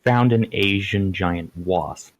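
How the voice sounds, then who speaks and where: A man calling in to a podcast, speaking in a halting way and laughing often. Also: low-pitched, a little hiss or hum, low-quality recording. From Canada. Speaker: caller. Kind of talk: casual call-in chat.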